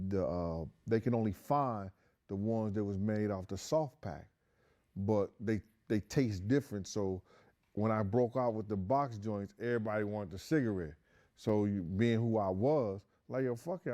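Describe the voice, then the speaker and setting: A man with a lowish, mellow voice tells an old story in a loose, conversational way. He rambles and leans on slang and fillers as he goes. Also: moderate pace. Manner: rambling, many fillers like "you know" and "um"; slangy street talk. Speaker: guest storyteller. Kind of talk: casual anecdotal storytelling.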